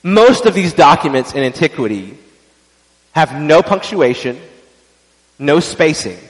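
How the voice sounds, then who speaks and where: A man's voice: medium pitch, in a large hall, low-quality recording. A man giving an evening church teaching in a conversational, explanatory way, with frequent fillers and restarts.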